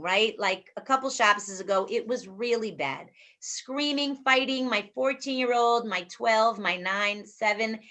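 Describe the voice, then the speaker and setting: Bright, upbeat woman hosting a video call. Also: fairly high pitch. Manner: upbeat, playful, encouraging. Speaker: online workshop host. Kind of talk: energetic group facilitation over video call.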